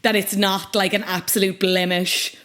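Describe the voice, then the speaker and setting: A woman's voice: medium pitch, little pitch movement, normal speed, a bit bright. A young woman co-hosting a podcast in casual chat, playful and chatty, often laughing as she talks. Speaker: podcast co-host.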